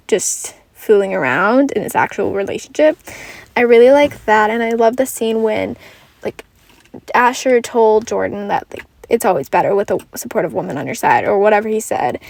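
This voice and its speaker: A woman's voice: on the high side, a little mellow. A tired young woman hosting a casual solo podcast, rambling and correcting herself, swearing now and then. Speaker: podcast host.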